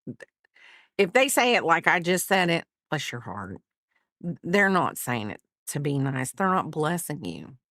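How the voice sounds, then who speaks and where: Her lowish voice carries lively intonation at a moderate pace with a fairly bright tone as she hosts a crafting livestream from home. She's rambling, chatty and self-deprecating, often apologizing. The studio-quality audio has no room sound.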